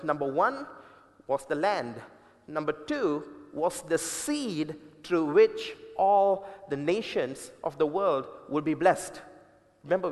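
A man preaching a sermon with emphatic, repeated points and deliberate changes of pace. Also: fairly high pitch, a little mellow. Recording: long reverb of a large hall.

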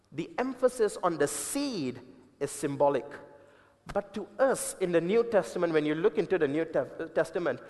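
A man preaching a sermon with emphatic, repeated points and deliberate changes of pace. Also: sits high, a little mellow. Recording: long reverb of a large hall.

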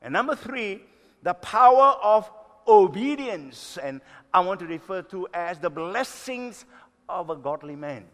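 A pastor in his sixties preaching a sermon, emphatic, stretching key words slowly and swinging between loud and soft. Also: high voice, sing-song. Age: 60s. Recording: long reverb of a hall.

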